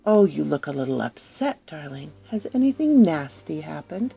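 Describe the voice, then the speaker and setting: A deep, hoarse, menacing nobleman who kills his wives, put on by a woman storyteller. He draws his words out slowly with a rough, gravelly edge. The delivery lands low and threatening, in the manner of a spoken storybook. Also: big pitch swings, warm tone, heavily acted. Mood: falsely sweet. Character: menacing nobleman wife-killer, cold and threatening. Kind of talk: storybook narration with acted voices.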